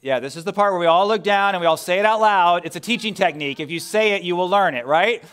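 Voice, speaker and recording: A male pastor with a somewhat high voice preaches a sermon in a church. He talks in a conversational way, firing rhetorical questions at the congregation and dropping from loud emphasis to a hushed near-whisper. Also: fast talker, clear, resonant tone. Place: church sanctuary.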